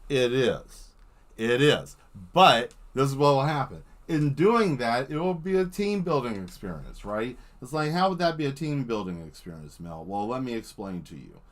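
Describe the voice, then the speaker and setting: A man chatting casually while he paints live on stream, rambling and playful, sometimes getting excited as he tells a story. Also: mid-range voice, moderate pace.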